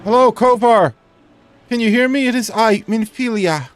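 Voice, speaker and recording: A man's voice: very high-pitched, moderate pace, voice pushed up. A man voicing Minfilia, a poised young woman leader, reading her game lines in a formal, stately way. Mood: gracious. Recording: faint game music behind.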